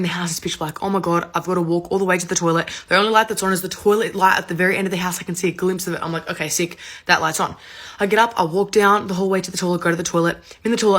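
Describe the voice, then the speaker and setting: Fast-talking woman telling a story. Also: fairly low pitch. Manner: animated, swearing, rapid rambling retelling. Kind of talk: casual storytime.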